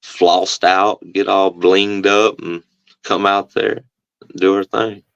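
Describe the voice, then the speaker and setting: A man, a professional wrestler, talking casually in an interview and telling stories in a relaxed way, acting out other people's voices. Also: low-pitched, takes it slowly, creaky, dry recording, muffled recording. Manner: relaxed storyteller, acts out the other voices in quotes.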